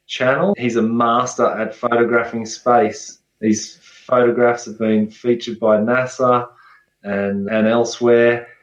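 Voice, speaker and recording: A man's voice: medium pitch, little pitch movement, a little slow, echoey room, muffled recording. A man, a guest researcher talking in a friendly, enthusiastic way in a casual interview.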